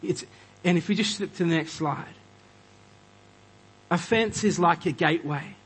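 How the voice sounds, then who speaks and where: A man preaching a conversational sermon, animated and acting out quoted voices. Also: on the high side, measured pace, breathy edge, poor audio. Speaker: pastor.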